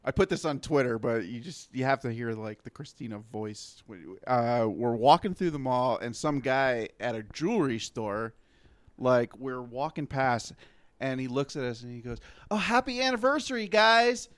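A relaxed man co-host telling a story, his voice smooth and resonant. The sound is dry and close, with no room around it. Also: medium pitch, moderate pace, no echo. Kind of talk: casual storytelling.

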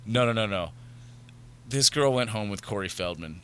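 Male podcast guest, lively anecdote teller, bright crisp voice. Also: on the low side, moderate pace. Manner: animated storyteller, acts out quotes. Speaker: podcast guest, adult film performer. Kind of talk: casual chat.

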